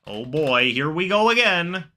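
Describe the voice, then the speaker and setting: This man hosts a live reaction stream from home, calling plays as he watches on screen and chatting with his audience. His voice is fairly high and unhurried, surging with excitement during plays and sinking to muttered asides.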